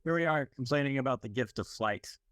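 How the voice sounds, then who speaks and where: A relaxed man speaks as a podcast guest in casual chat, answering in short, easygoing agreement. His voice has a middling pitch and sounds dry and close to the mic. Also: fairly quick, no echo. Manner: laid-back, mostly short agreeing replies.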